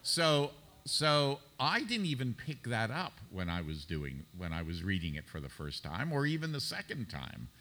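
A man's voice: mid-range voice, wildly swooping pitch, moderate pace, hardly any pauses, pushed and bright. A male actor on a convention panel, telling an articulate anecdote with a few fillers. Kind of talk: storytelling panel answer.

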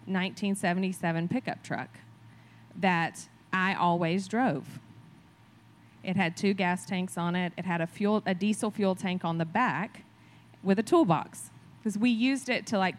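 A woman speaks to a church in a relaxed, conversational sermon style. Her pitch sits in a mid range. She talks chattily and keeps checking in with her listeners as she goes. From rural farm community. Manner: chatty, conversational, asks the crowd "right?". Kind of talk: casual sermon storytelling.

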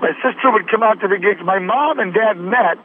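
A man from Michigan, a guest musician telling lively stories in a casual interview over a cell phone from his car. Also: high voice, brisk, phone-quality sound, a little hiss or hum. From Michigan, USA. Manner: animated storyteller. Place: in a car in traffic.

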